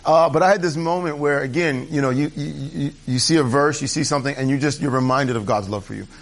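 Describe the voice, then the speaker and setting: A pastor preaches to his church at a quick pace in a creaky voice that sits on the high side. His conversational sermon during the service is candid and chatty, full of asides and sentences he starts over.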